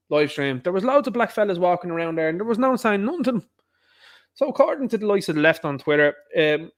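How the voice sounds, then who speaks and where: A man hosting a livestream, with rambling commentary full of repeated asides. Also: fairly high pitch. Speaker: livestream host.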